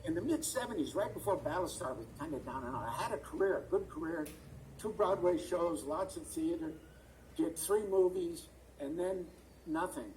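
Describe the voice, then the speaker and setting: A man's voice: a little high, normal speed, darkish tone, distant mic, slight background noise, rough recording. An older man, a stage and screen actor, telling rambling stories as an interview guest and often searching for words. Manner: chatty, rambling storyteller who searches for words. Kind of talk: anecdotal storytelling in an interview. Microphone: video call.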